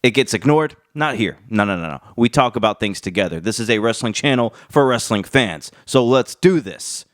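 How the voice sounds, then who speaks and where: A man hosting his wrestling channel with casual vlog commentary. He talks with energy and emphatic, animated jumps in pitch, and his voice is stuffy and congested from a cold. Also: normal speed, few pauses, no room sound, clean studio sound.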